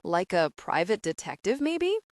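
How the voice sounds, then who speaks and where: Woman reading a teasing male friend, lively mock-innocent needling, close dry read. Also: medium pitch, unhurried, dry recording. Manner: gleeful, needling, innocent-sounding. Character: teasing mischievous young adult man friend. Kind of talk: audiobook character reading.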